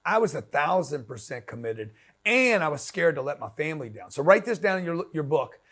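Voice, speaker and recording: A man giving an energetic motivational talk, blunt and emphatic in short punchy sentences, who mimics other people's excuses. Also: a little high, fairly quick. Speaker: motivational speaker.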